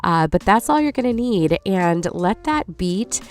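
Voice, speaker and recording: A woman's voice: mid-range voice, animated, measured pace. A woman in her forties with a stuffy, nasal voice from allergies, chatting viewers through a recipe as a lifestyle host. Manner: chatty, apologetic, warm asides to viewers. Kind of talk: casual recipe voice-over. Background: soft background music.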